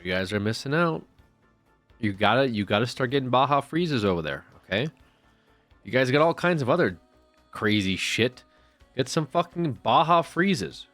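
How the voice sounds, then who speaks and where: A man's voice: mid-range voice, very animated, moderate pace, long pauses, a bit bright, no room sound, faint music behind. A man streaming live, chatting casually and rambling with profane jokes to his chat.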